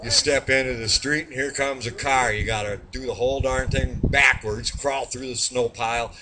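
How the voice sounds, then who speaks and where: A man's voice: mid-range voice, steady tone, moderate pace, noisy background. A man telling a long, rambling joke in a bar, folksy and drawn out with lots of fillers. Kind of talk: rambling storytelling.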